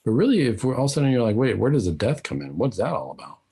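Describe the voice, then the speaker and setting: A man's voice: mid-range voice, big pitch swings, very fast, warm tone, breathy edge. A man hosting a faith-focused call-in radio talk show, speaking conversationally, asking probing questions and sometimes teasing his co-host.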